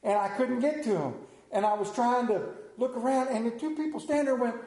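A man preaching a folksy storytelling sermon, animated, then dropping low and slow for emphasis. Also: echoey room.

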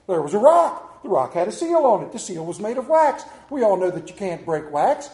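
A man preaching a sermon, telling folksy stories and swinging between loud emphasis and quiet asides. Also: high voice, sing-song, brisk, hardly any pauses, roomy sound. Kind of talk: sermon with anecdotes.

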